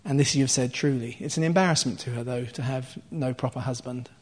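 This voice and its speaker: A man's voice: medium pitch, fast, husky. A man preaching, retelling and explaining a scripture passage in a conversational teaching style, with asides to his listeners. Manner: explains scripture line by line with asides and soft laughs.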